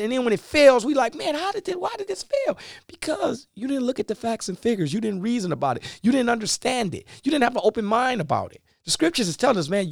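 Male preacher, animated sermon, wide-ranging pitch. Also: vocal fry, no echo, studio quality. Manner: animated, folksy, acts out biblical dialogue.

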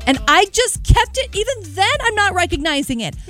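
A young woman co-hosting a morning radio show, telling a story in an animated, self-mocking way with frequent laughs. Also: very high voice, a little fast, music in the background. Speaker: radio co-host.

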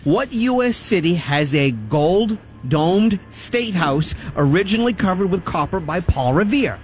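A man on a morning radio show reading trivia questions and ruling answers wrong in a brisk, matter-of-fact way. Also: high voice, animated, faint music behind. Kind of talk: radio quiz banter.

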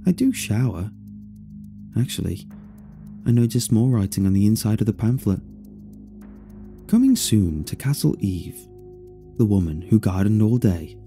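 A man narrating a first-person story in an expressive, dryly amused way. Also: on the low side, a little slow, gravelly, long pauses, faint music behind.

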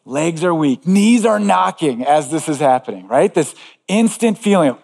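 A man's voice: on the high side, animated, moderate pace, gravelly, a little mellow. Emphatic preacher man in reverberant hall. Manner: earnest, emphatic preaching with repeated phrases. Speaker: pastor. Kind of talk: sermon.

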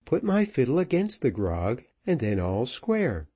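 Man voicing a cheerful easygoing fiddler, slightly raised voice, lively, storybook. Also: medium pitch, unhurried, breathy edge, pitched above the performer's own voice, exaggerated voice. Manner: good-humoured, easygoing.

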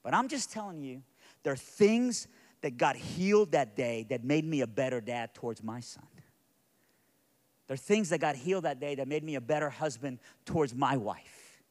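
Expressive and moderately paced, a middle-aged man with a mid-range voice preaches a sermon, recounting a personal story that shifts from quiet, hushed moments to loud, intense passages.

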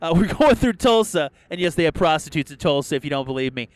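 A man hosting a podcast from inside a car, swearing constantly and breaking into yells as he rants. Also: on the high side, expressive, fast, no room sound. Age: adult, past a first marriage. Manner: crude, swears constantly, bursts into yelling. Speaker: podcast host. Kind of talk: profane casual rant.

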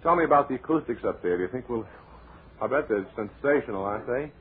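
A man hosting a comedy radio show in a deadpan, rambling, mock-serious way, heard on a tinny old radio recording with light hiss. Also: medium pitch, fast. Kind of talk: deadpan comic radio patter.

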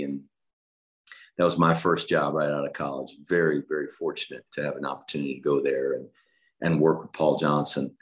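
Football coach with a very low, monotone voice, steady recollection. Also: male voice. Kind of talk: interview recollection.

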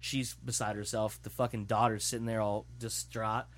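Animated man swearing through a story. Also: on the low side, normal speed. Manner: animated, profane storytelling, acting out quotes. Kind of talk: casual chat, retelling a movie plot.

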